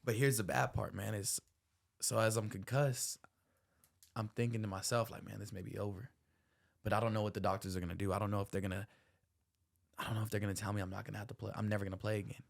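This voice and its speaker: A man's voice: on the low side, fairly even intonation, fast talker, vocal fry. A young man hosting a podcast, telling a personal story earnestly, full of slang like bro and man. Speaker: podcast host.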